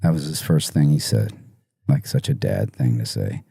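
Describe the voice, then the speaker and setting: A man telling a painful personal story in an interview, halting and soft-spoken with many pauses, emotional and near tears. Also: rumbling low, expressive, vocal fry, slightly rough, no echo, studio quality. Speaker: musician guest.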